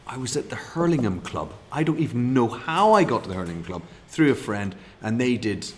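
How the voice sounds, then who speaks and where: A man's voice: medium pitch, big pitch swings, a little fast. A middle-aged man, telling rambling, chatty anecdotes as a guest and laughing at his own tales. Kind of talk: casual anecdote.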